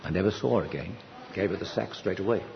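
An older man preaching a sermon at a conference, telling a personal story earnestly, with sudden lifts of pitch for emphasis. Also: quick pace, creaky, heavy background noise. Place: conference hall. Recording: dull, slightly lo-fi hall recording with reverb.

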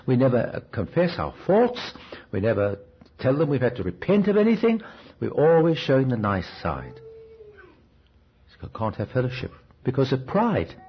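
A man's voice: mid-range voice, husky. A man preaching a sermon in a conversational, storytelling way, often asking the listeners questions. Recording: dull, restored cassette recording.

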